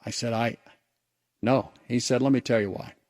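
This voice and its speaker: A man's voice: mid-range voice, steady tone, normal speed, a little mellow, no echo, clean studio sound. Earnest man telling a story on radio. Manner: earnest, reflective storytelling with repeated restarts. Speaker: radio host. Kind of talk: personal story told on radio.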